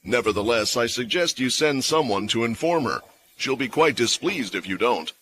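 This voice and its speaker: Cast: man playing a wry unflappable old wizard, low-key delivery, story recap. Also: lively intonation, moderate pace, a bit bright, a little hiss or hum, natural voice. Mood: dry. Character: ancient male mage in a young body, dry and smug.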